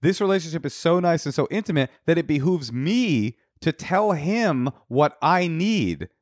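A man's voice: fairly high pitch, expressive, normal speed, no room sound. Man, podcast co-host, casual joking advice, dry studio sound. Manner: playful, joking, restarts often.

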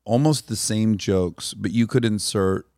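A man's voice: fairly low pitch, unhurried, no echo, clean studio sound. A man in his forties, a podcast guest, chatting casually and telling jokes with lots of energy and restarts. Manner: animated joke-teller, stammers on restarts. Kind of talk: casual chat, storytelling.

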